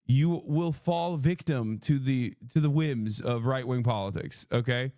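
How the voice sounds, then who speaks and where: A man's voice: mid-range voice, unhurried, warm tone, no echo, clean studio sound. A man livestreaming a heated, profane rant. He keeps mocking his critics with sarcastic impressions. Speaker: political livestreamer. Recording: played clip inside a reaction stream.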